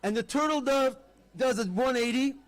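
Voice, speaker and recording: In a very high-pitched voice and at normal speed, a rabbi tells stories animatedly to an outdoor festival audience. Hebrew terms are mixed into his address.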